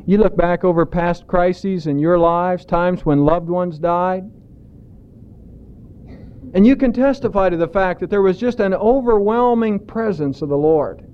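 A man preaching a sermon in a deliberate way, drawing out emphatic words. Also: high voice, clear, resonant tone, dull audio. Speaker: pastor.

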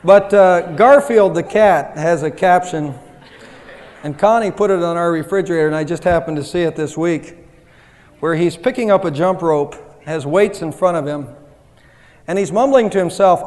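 A man preaching a sermon, his voice sitting high for a man. He talks in a conversational, self-deprecating way, and the sound rings with the long reverb of a church hall. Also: normal speed, a little mellow. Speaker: pastor.

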